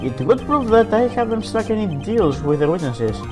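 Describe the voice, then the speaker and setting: A man playing a cool, formal prosecutor with a measured delivery and a lively pitch line. Game music sits underneath. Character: cool, composed male prosecutor. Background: background game music.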